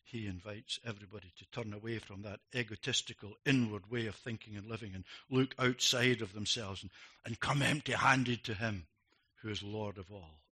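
Brief: middle-aged male preacher, bright tone, emphatic sermon delivery with swings from loud to hushed. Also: lowish voice, fairly even intonation, normal speed, husky. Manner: emphatic, rising to loud declarations, dropping to quiet reflective lines.

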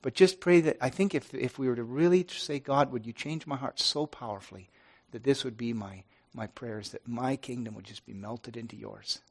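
A middle-aged pastor speaking earnestly and haltingly to his congregation, with many restarts. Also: medium pitch, breathy edge. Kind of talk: informal devotional talk to a congregation.

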